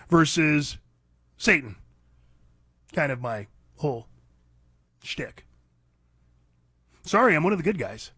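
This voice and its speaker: A man hosting a call-in talk radio show, delivering a fiery, preachy opinion monologue that rises to near-shouts. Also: fairly high pitch, no echo, studio quality.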